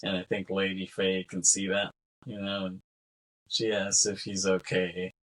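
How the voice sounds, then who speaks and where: A man with a fairly low voice co-hosts a film podcast in a loose, casual way. He laughs often as he recaps scenes, slipping into quick character voices along the way. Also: completely flat delivery, a bit bright, poor audio. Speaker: podcast co-host. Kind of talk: casual film-discussion chat.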